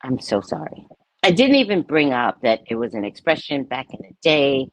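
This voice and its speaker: A woman's voice: very deep voice, normal speed, dry recording, rough recording. A woman in her fifties, a spiritual talk host, giving a blunt, candid monologue full of personal stories and frank language. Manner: blunt, animated storytelling with frank swearing.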